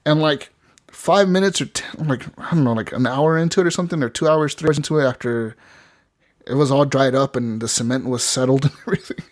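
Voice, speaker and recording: A man's voice: medium pitch, fairly quick. Swearing, rambling man telling a story. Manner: rambling storyteller, swears a lot, acts out quoted voices. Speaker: podcast co-host. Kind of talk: casual chat.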